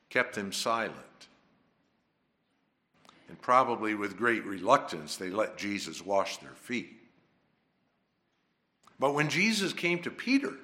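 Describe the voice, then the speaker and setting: A male preacher delivers a sermon at a slow, deliberate pace. His bright voice moves in lively swings of pitch, dropping to a hush and then rising emphatically. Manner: emphatic, dramatic swings between soft and loud.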